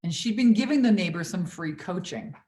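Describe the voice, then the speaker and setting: A woman's voice: lowish voice, animated, a little fast, mellow. Brash young woman coach, swears a lot, livestream chat in an echoey room. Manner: brash, swears freely, reads out viewer comments. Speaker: business coach hosting a livestream Q&A.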